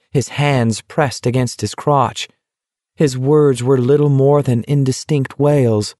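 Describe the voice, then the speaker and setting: A man reading a novel aloud as narrator, in a measured, deliberate way. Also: mid-range voice, fairly even intonation, warm tone, no room sound, studio quality. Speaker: audiobook narrator. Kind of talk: scripted narration.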